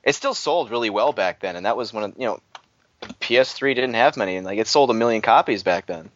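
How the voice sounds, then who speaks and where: A man's voice: fairly low pitch, lively intonation, brisk, lo-fi sound. A man co-hosting a gaming podcast in laid-back, casual banter with wry asides. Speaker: podcast co-host.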